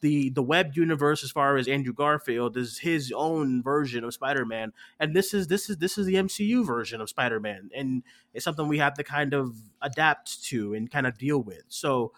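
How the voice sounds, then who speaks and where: Man, movie show co-host, animated storytelling, acts out quotes, slightly high voice. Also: moderate pace. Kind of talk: casual movie reaction chat.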